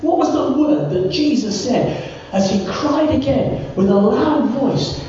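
Mellow-voiced preacher, repeats words, slows way down to stress stuff, faint hiss behind. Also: high-pitched. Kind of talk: sermon. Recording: very echoey, distant, dull church recording.

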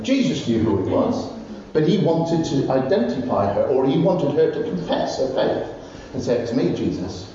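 A man preaching a sermon, telling Bible stories with animated, rising exclamations. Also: a little high, normal speed, few pauses. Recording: distant, roomy, dull recording with faint noise.

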